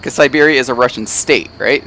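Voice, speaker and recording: During casual gameplay chat, a male gamer jokes with and teases his friend, singing snatches here and there. He speaks fairly quickly at a medium pitch, with a bright, forceful tone, and faint background noise can be heard.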